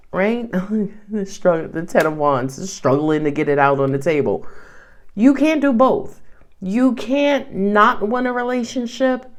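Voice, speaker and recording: A woman with a New York accent reads tarot cards in a casual, animated way, full of slangy asides. Her voice sits at an ordinary middle pitch. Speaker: tarot reader. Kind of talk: casual tarot reading to camera.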